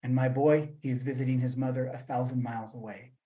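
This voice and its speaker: A man's voice: mid-range voice, steady tone, dark tone, poor audio. Man reading his poems over a video call. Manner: measured reading, then loose rambling talk with fillers. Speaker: poet reading his work. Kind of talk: poetry reading and talk at a virtual event.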